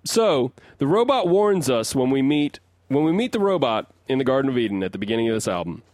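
A man's voice: medium pitch, sing-song, fairly quick, a little mellow, dry recording, clean studio sound. A man co-hosting a music podcast, rambling through his analysis in casual chat, often restarting sentences as he builds his point. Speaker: podcast co-host and resident song analyst.

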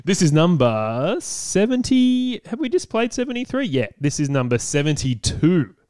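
A man co-hosting a podcast, trading jokes and quick banter in casual chat. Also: high voice, big pitch swings, darkish tone, no room sound, studio quality. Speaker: podcast co-host.

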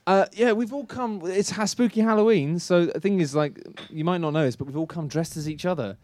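A man's voice: high-pitched, a little mellow. A man co-hosting a live podcast on stage, teasing the others and laughing often. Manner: giggly, teasing, quick to laugh. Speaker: podcast co-host. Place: live stage show before an audience.

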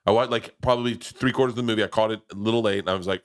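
A man's voice: lowish voice, steady tone, rapid-fire, few pauses. A middle-aged man hosting a podcast, telling stories in a boisterous, profane, casual way. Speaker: podcast host.

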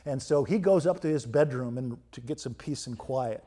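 A pastor preaching a storytelling sermon, swinging between loud emphasis and quiet, hushed moments. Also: male voice, medium pitch, moderate pace, slightly rough.

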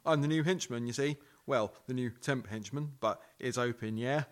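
A man's voice: mid-range voice, normal speed, natural voice. A man playing a nervous, bumbling male temp henchman who keeps apologizing. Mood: anxious. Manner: apologetic, fretful.

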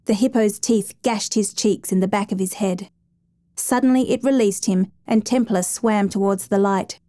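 A woman reading a dramatic true story as a steady, measured narrator. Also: medium pitch, no room sound.

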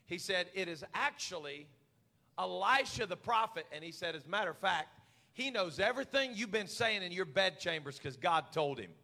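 A man preaching a sermon as pastor, stammering repeats and climbing into shouts. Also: sits high, animated, normal speed. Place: church hall. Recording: live church hall reverb.

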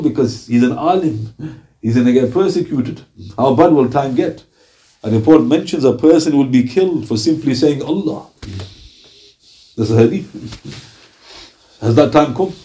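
A man's voice: mid-range voice, dark tone. A man giving an Islamic history lecture, reading narrations and asking rhetorical questions, often acting out the quoted speakers with dramatic emphasis. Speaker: Islamic teacher. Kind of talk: religious lecture.

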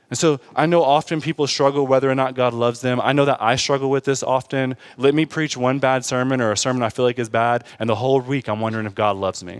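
A man preaching a sermon in a casual, conversational way, growing loud and lively as he gets stirred. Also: no room sound. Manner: animated, rising loud and high when stirred, laughing at his own stories. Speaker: pastor.

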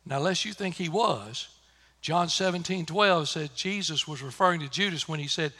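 A man preaching a sermon, swinging between loud emphatic lines and hushed low ones. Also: normal speed. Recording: reverberant church hall.

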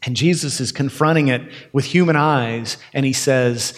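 A man's voice: medium pitch, fairly even intonation, a little slow, in a large hall. A man preaching a sermon as pastor, talking conversationally and acting out quoted lines.

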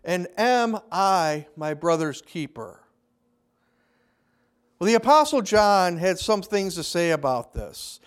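A man preaches a Sunday sermon. He talks in a loose, conversational way and slips into quick acted-out voices for the people in his stories. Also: high voice, clean tone. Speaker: pastor.

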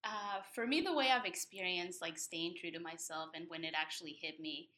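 A woman who moved to the United States as a teen, candidly telling a personal story in casual conversation, growing animated and rising high when excited. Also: moderate pace. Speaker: guest sharing her story.

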